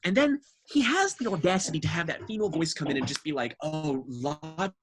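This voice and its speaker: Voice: medium pitch, big pitch swings, fast, background noise. A podcast co-host ranting through an album review with exasperated, profane, cutting remarks.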